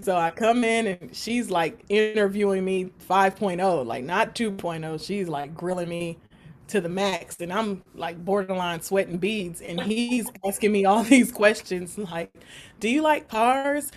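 A guest who works as a support worker for people with autism tells a story from her job, lively and animated, laughing often and imitating the voices of the people involved. She speaks conversationally and unscripted, at medium pitch and a measured pace, with slight background noise.

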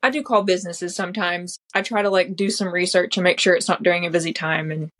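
Lady on a podcast, lowish voice, chatty, says like a lot. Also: fairly even intonation, fast talker, fairly bright tone. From Southern United States. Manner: chatty, sprinkles in lots of "like". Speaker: podcast guest, comedy creator. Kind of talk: casual interview chat.

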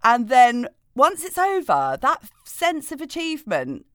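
A woman co-hosting a podcast in casual chat, chatty and animated, laughing often. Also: high-pitched, unhurried, dry recording, studio quality. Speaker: podcast co-host. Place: West Wales.

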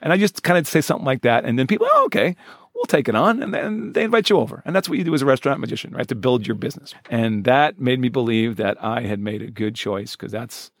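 Man, 40s, fast-talking animated storyteller, mid pitch, dry close mic. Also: no room sound. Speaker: guest, professional magician. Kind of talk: storytelling in a podcast interview.

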